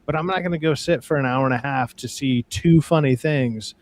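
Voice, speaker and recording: A man's voice: mid-range voice, a little fast, darkish tone. A man in casual movie review chat, blunt and opinionated, rambling and swearing. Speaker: podcast co-host.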